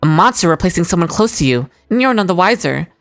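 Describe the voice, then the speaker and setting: A woman streaming a game, chatting excitedly and voicing the characters' lines herself. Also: fairly low pitch, quick pace. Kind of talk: game stream, reading dialogue aloud.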